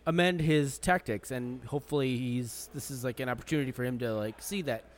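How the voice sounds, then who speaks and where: Man, podcast co-host, halting filler-heavy speech, teasing. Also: medium pitch. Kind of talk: casual sports podcast banter.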